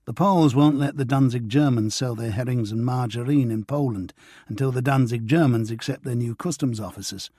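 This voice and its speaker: A wry, gossipy foreign correspondent, read by a male audiobook narrator, passing on news in a dry, matter-of-fact way. The voice is slightly husky and sits at a middle pitch. It is recorded close in a dry booth. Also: fairly quick, mellow, no echo, lightly acted.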